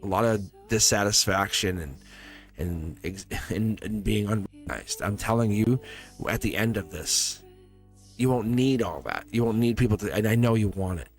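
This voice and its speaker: Guy doing tarot on a livestream, kinda low voice, rambles and repeats himself, emotional, music faint behind. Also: moderate pace. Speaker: tarot reader streaming live. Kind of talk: live-stream tarot reading to chat viewers.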